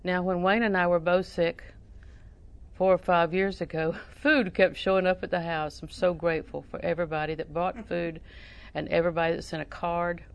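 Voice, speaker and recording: A woman's voice: fairly low pitch, flat delivery, normal speed, vocal fry, clean tone. An older woman preaching a sermon in a folksy, storytelling way, with emphatic repetition.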